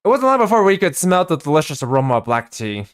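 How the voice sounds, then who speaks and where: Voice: medium pitch, big pitch swings, quick pace. A reader narrating a game's story aloud, with frequent fillers and restarts.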